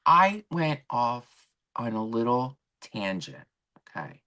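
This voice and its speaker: A woman hosting a livestream, chatting casually and telling an animated story from work, acting out the people in it. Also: rumbling low, moderate pace. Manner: animated storytelling with quoted voices; rambling with restarts and asides to chat. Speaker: livestream host. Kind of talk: casual chat. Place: home.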